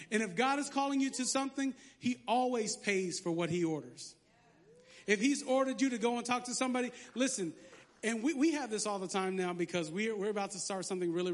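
High-voiced joking man preaching. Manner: lively, joking preacher with sarcastic asides. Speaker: pastor. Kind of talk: sermon.

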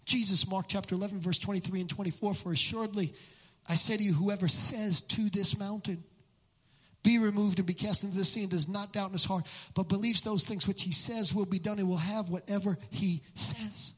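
A middle-aged man preaching a sermon as pastor, fervent and repetitive, building up to shouts. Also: high-pitched, steady tone, a little fast, slightly rough. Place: church sanctuary. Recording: long hall reverb in a church.

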